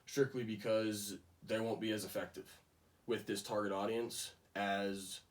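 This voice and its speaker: A man's voice: fairly low pitch, level tone, a little slow, far from the mic. A young man giving a casual class project presentation, with frequent ums and restarts. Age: young adult. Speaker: student presenter.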